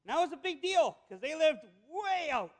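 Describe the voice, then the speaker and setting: A man's voice: very high-pitched, big pitch swings, normal speed. A man preaching a sermon, telling a joke as a story and building to emphatic, repeated declarations. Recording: echoey hall with long reverb.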